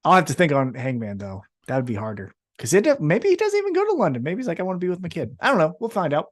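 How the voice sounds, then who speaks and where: Young male podcast co-host, lively, swears freely, loose chat. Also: fairly high pitch. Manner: animated, swearing, quick asides. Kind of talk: casual wrestling podcast chat.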